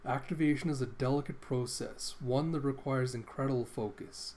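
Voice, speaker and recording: A man's voice: medium pitch, moderate pace, darkish tone, lightly acted. A man voicing a stern old man who lectures in formal phrasing.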